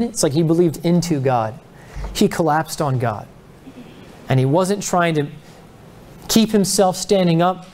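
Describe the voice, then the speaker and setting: A man's voice: fairly high pitch, darkish tone, a little hiss or hum. A male pastor teaching a Bible study in an earnest, conversational preaching style, acting out the people he describes. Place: church.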